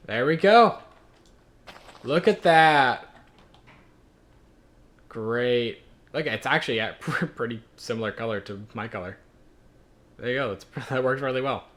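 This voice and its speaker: A man's voice: medium pitch, animated, unhurried, long pauses, fairly bright tone. A young man from Ireland narrating and commenting on his gameplay in a joking, self-deprecating way. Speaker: gaming video host.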